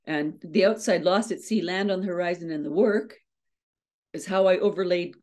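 A middle-aged woman, a motivational speaker, telling a story with fast, self-mocking humor and frequent laughs. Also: fairly low pitch, a little mellow. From Canada. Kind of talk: storytelling keynote talk.

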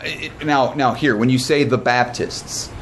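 Pastor talking fast in Bible study. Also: male voice, medium pitch, steady tone, a bit bright, slight background noise. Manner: informal and fast, with restarts and joking asides. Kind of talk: conversational Bible study teaching.

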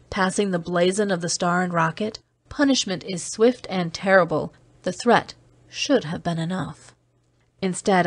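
A woman's voice: lowish voice, no echo, lightly acted. Woman reading as a terse seasoned agent. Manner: steady, measured storytelling. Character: weary man, seasoned off-world agent, terse. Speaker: audiobook reader. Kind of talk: scripted narration.

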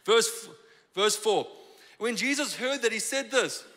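A man preaching a sermon in a church, conversational and animated, acting out the lines he quotes. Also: high voice, unhurried, long reverb tail. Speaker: pastor. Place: church sanctuary.

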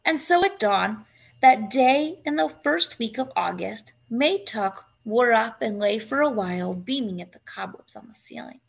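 A woman reading a children's novel aloud in a steady, measured way. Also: fairly high pitch, gravelly, breathy edge. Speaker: reader.

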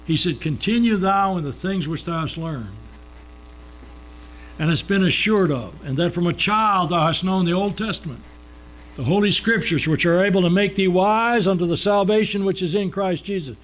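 Man preaching, slow stressed words. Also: high-pitched, a bit bright. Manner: slows down to stress key words, asks and answers his own questions. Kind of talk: sermon.

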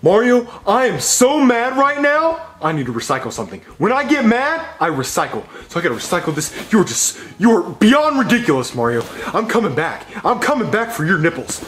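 A man voicing a greedy, menacing landlord who taunts and threatens in drawn-out lines. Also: sits high, wildly swooping pitch, a bit bright, exaggerated voice. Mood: mocking. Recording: roomy echo with faint music.

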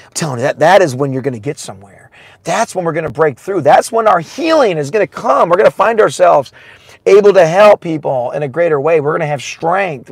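Male preacher, high voice, husky, excitable sermon, shouts and hushed asides. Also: no room sound. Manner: excitable, laughing often, swinging from shouts to hushed asides, saying "man" a lot.

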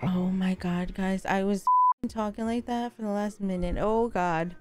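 A woman's voice: medium pitch, fairly even intonation, a little slow. A woman streaming a horror game, talking to her viewers and exclaiming when startled. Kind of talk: live horror gameplay commentary. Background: loud music.

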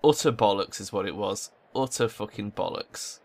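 Swearing in frustration, a young YouTuber commentates on his football tactics gameplay. He speaks at normal speed in a lowish voice.

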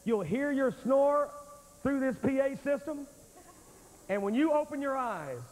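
High-voiced preacher in a reverberant hall. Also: male voice. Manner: folksy, emphatic, addresses the crowd directly. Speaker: revival preacher. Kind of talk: revival sermon. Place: large church sanctuary with thousands present. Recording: reverberant hall on an old VHS tape.

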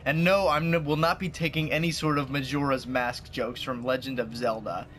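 A man's voice: medium pitch, steady tone, moderate pace, a bit bright. A young man giving playful, joking commentary while playing a video game, talking trash at the enemies. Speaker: gaming youtuber.

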